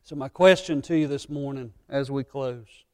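A pastor preaches an emotional, impassioned sermon, his voice swinging between loud passages and hushed ones. He speaks at normal speed with a medium pitch.

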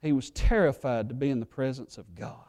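A male pastor preaching a sermon. He swings from fervent, loud pleading to quiet, earnest low tones. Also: fairly quick. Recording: echoey hall reverb.

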